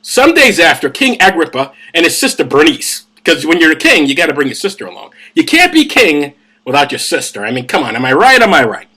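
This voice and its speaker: A man's voice: a little high, very animated, a little fast, pushed and bright, breathy edge. A man hosting a comedic Bible reading, rambling with profane, tipsy asides while drinking. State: drinking gin. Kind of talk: casual comedic commentary.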